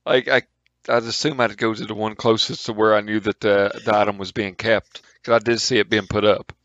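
Relaxed man playing at the table. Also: lowish voice, brisk, no echo, lo-fi sound. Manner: relaxed, laughing, hesitant. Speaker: player. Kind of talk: casual tabletop play.

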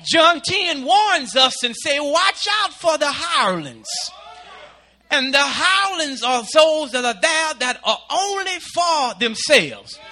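A male pastor preaching a sermon, building into shouted, sing-song delivery. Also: very high voice, big pitch swings, slow pace.

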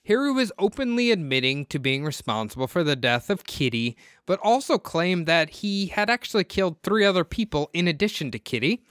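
A man hosting a podcast, telling a true-crime story in a relaxed, chatty way with frequent laughter. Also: sits high, fairly quick, few pauses, clean tone, dry recording, studio quality. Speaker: podcast host.

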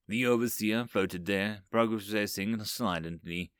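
Male audiobook narrator, animated, dry studio sound. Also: medium pitch, a little slow, dry recording. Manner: expressive storytelling. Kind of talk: audiobook narration of sci-fi short stories.

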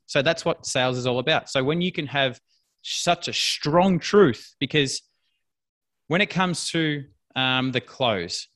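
Blunt, bright-voiced man. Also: fairly high pitch. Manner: blunt, emphatic, repeats key points. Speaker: business coach guest. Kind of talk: casual podcast interview.

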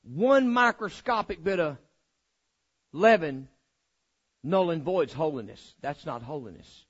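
A man's voice: fairly high pitch, expressive, slow pace, dull audio. A male preacher giving a folksy, humorous sermon in a church, repeating phrases for emphasis. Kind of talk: sermon with storytelling.

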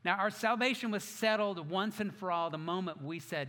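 A male pastor preaching in a bright, somewhat high voice. He tells stories with animated energy and drops self-mocking jokes along the way. His voice carries a long reverb, as if recorded in a large church hall. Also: normal speed. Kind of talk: sermon.

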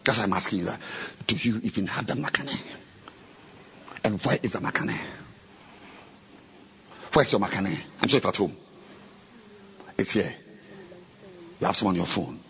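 A man preaching a sermon as a pastor, dropping to quiet, intimate asides and building up to shouted climaxes. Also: fairly low pitch, a little fast, pauses often, muffled recording, a little hiss or hum.

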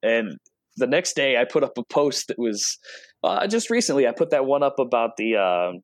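A man's voice: mid-range voice, big pitch swings, normal speed, dry recording. Casual male guest, chatty storyteller who acts out quotes, dry close sound. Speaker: automotive product rep and guest. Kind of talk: casual interview talk.

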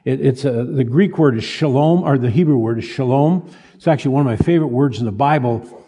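A man's voice: mid-range voice, dark tone, breathy edge. Older male pastor, folksy sermon in a hall. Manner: folksy, halting restarts, self-deprecating humor. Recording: reverberant hall.

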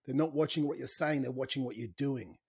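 A man's voice: medium pitch, brisk, creaky, a little mellow, slightly rough. A man co-hosting a podcast, talking in an emphatic, preachy way and repeating phrases for emphasis. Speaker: podcast co-host. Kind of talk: motivational podcast chat.

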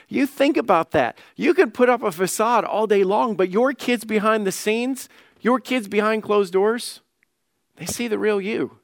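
Earnest pastor preaching. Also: male voice, high voice, no echo, clean studio sound. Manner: earnest, with frequent repeated words and restarts. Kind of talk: sermon.

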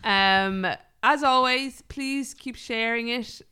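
A woman's voice: fairly high pitch, slow pace, bright, forceful tone, clear, resonant tone. A tired woman co-hosting a podcast, chatting casually in a giddy, rambling way with frequent laughter. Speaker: podcast co-host. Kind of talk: casual chat.

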